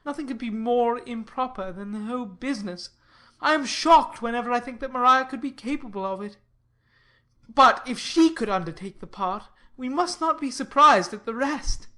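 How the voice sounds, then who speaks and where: A woman reading as an earnest young gentleman. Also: on the high side. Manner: measured, earnest and persuasive. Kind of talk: audiobook reading of a classic novel.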